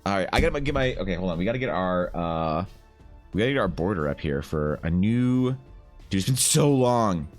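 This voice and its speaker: A young man chatting casually on a live art stream, animated and swearing as he banters with viewers, his voice slightly rough. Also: deep voice, fairly quick, soft background music.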